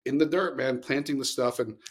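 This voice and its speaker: Husky-voiced man telling earnest stories. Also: medium pitch, a little fast. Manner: earnest, rambling with many restarts. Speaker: podcast co-host. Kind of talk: casual storytelling chat.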